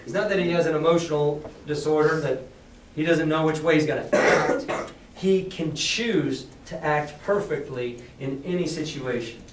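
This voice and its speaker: Brief: male teacher, casual and explanatory, slightly higher voice, roomy faint-noise classroom. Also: moderate pace. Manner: casual, explains and quizzes students. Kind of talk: reading a novel aloud to a class. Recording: echoey classroom, distant mic.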